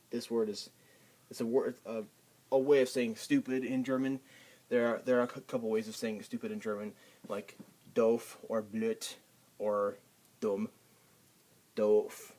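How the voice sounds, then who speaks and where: A man giving a casual pronunciation lesson, halting with many ums and restarts. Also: lowish voice, warm tone. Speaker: language tutor.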